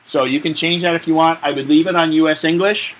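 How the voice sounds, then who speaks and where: A man's voice: fairly high pitch, fairly even intonation, fast, a bit bright, low-quality recording. A man teaching a live tech class, explaining step by step in a chatty, joking way. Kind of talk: hands-on tech class instruction.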